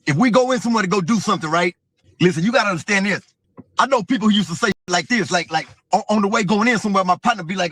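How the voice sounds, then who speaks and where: Fast-talking husky-voiced man. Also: high voice, expressive, a bit bright, no room sound. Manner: streetwise, profane, vivid storyteller. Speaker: interview guest. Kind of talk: casual storytelling.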